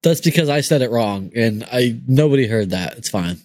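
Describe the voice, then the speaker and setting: A man's voice: mid-range voice, lively intonation, moderate pace, a little mellow, no room sound. A young man hosting a podcast, joking and swearing through casual banter. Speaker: podcast host.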